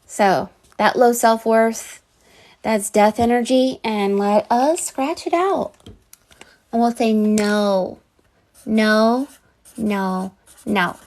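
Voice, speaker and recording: Higher-voiced woman doing psychic readings. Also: slow pace, darkish tone. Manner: earnest, rambling, many fillers. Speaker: psychic reader.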